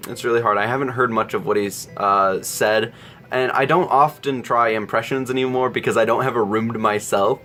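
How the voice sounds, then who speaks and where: A man's voice: mid-range voice, steady tone, normal speed, pushed and bright, soft background music. A young man hosting a casual Q&A vlog, rambling and self-deprecating, chuckling often. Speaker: YouTube channel host.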